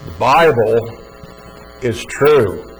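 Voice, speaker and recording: A man's voice: medium pitch, lively intonation, extremely slow, low-quality recording. Earnest man teaching scripture, faint hum. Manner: earnest, emphatic, repeats words. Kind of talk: religious teaching talk.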